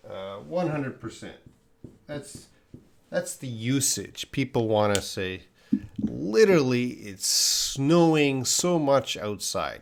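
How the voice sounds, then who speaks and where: Slow, patient male English teacher. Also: medium pitch. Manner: slow, patient explaining with pauses and restarts. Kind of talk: live-stream Q&A lesson.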